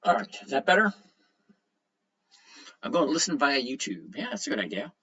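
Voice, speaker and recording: A man's voice: mid-range voice, very animated, brisk, pushed and bright. Chatty man hosting a lo-fi livestream. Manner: chatty, greets viewers by name, reads comments aloud. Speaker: livestream host. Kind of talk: casual livestream chat. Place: at home.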